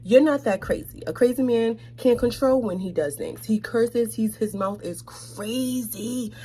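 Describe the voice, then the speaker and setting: A young woman from New York tells a storytime tale with sass and animation. Her voice is mellow and warm, and it slips into hushed asides. A faint hum sits behind her. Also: on the high side, a little slow. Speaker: vlogger. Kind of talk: storytime chat.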